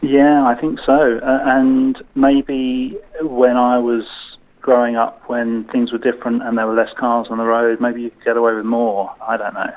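A man's voice: mid-range voice, little pitch movement, normal speed. A middle-aged British man chatting as a podcast guest, hesitant, with many restarts. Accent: British English. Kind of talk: casual interview chat. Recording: tinny phone-like line.

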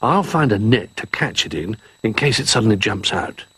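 A man's voice: lowish voice, lively intonation, moderate pace, a bit bright, breathy edge, no echo, exaggerated voice. A man reading the lines of a polite, timid toy rabbit in a storybook.

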